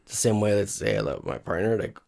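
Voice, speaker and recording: A man's voice: on the low side, sing-song, fairly quick, creaky, darkish tone. A man co-hosting a casual podcast chat, often restarting his sentences and throwing in dry, sarcastic jokes. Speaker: podcast co-host.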